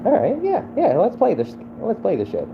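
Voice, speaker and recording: A tired man chatting casually and profanely on a late-night livestream from his phone at home, with sudden loud, excited outbursts. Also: sits high, normal speed, gravelly, highs cut off, noisy background. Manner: loose, profane, laid-back talk with sudden loud excited bursts. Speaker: live streamer.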